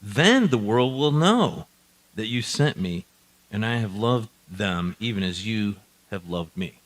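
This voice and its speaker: A man preaching a sermon, swinging between quiet asides and loud emphatic declarations. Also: on the low side, lively intonation, measured pace, poor audio. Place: church hall.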